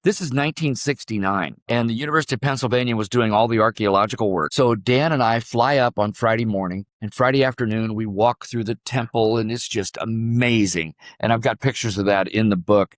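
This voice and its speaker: An older man from Illinois, a podcast guest telling a story in an unhurried way and acting out the lines of the people in it. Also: lowish voice, no echo, clean studio sound. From Illinois, USA. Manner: vivid, unhurried storyteller who acts out quoted dialogue. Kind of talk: storytelling in a conversation.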